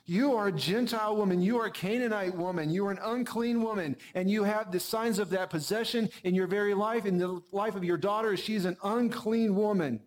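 A man's voice: high voice, fairly quick, few pauses, natural voice. A man voicing a stern male disciple who harshly scolds a foreign woman. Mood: scolding.

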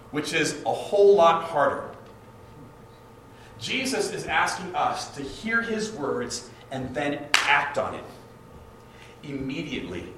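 A man's voice: high voice, pushed and bright, slight background noise. A man preaching a sermon in a conversational way, acting out short quoted exchanges, heard from a distance in an echoey hall. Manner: conversational, acts out quoted couples. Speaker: pastor.

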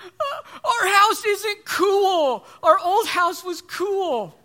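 A man voicing his three-year-old son, whiny and tearful, in a higher voice. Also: animated, normal speed, bright, forceful tone, full character voice. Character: crying three-year-old boy, homesick.

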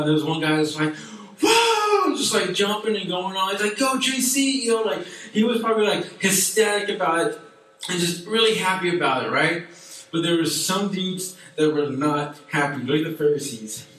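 Animated youth pastor, echoey room. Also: male voice, on the high side, far from the mic. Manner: animated, chatty preaching with many fillers. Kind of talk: sermon to a youth group.

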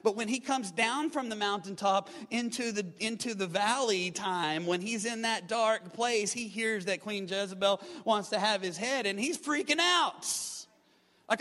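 A preacher with a high, ringing voice delivers an emphatic sermon and calls on his congregation to respond. His words trail off into the long reverb of a large church hall. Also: normal speed, bright, forceful tone. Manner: emphatic, call-and-response exhortation. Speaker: pastor.

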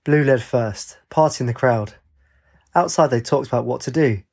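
A man reading a fantasy story aloud in a steady, descriptive storybook narration. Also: mid-range voice, moderate pace, vocal fry, breathy edge.

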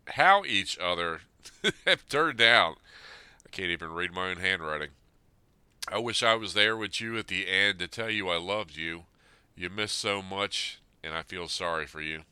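Man in his fifties with a low voice and a hard, forceful edge. He is earnest and plain-spoken, reading a letter aloud and then reflecting on it. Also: clean tone, no room sound. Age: 50s. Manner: earnest, plain-spoken, speaking straight to his late father. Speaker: Army veteran sharing a personal letter.

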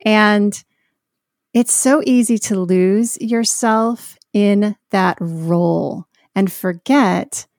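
A woman speaking as a podcast guest in a Christian conversation, earnest and heartfelt, with soft laughs. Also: medium pitch, drawn-out words, no echo, studio quality.

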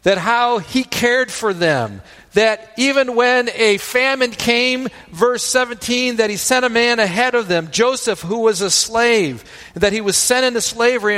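A man's voice: very high-pitched, measured pace, pushed and bright, in a large hall. A man preaching a sermon as pastor. He often checks in with the congregation by asking "right?" and retells scripture at length.

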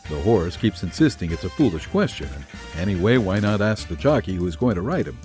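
A man's voice: deep voice, big pitch swings, fairly quick, a little mellow, faint music behind. A man reading a vintage pulp story aloud in a wry, hard-boiled first-person manner. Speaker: narrator.

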